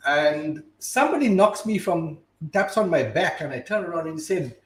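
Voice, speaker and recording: A man's voice: a little high, moderate pace, reverberant, low-quality recording. A man from Botswana, a guest on a casual live-stream chat, telling stories with many restarts and repeated words. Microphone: video call.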